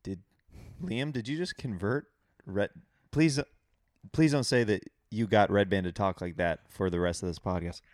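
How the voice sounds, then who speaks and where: A man's voice: fairly low pitch, moderate pace, no echo, studio quality. A man hosting a casual podcast, joking around and playing a mock call-in radio host.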